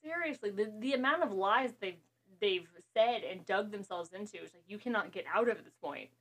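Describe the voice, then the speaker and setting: A woman's voice: medium pitch, expressive, fairly bright tone. A woman co-hosting a podcast, chatting casually and rambling about a movie as she watches it. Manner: rambling, quick asides, laughs. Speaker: podcast co-host.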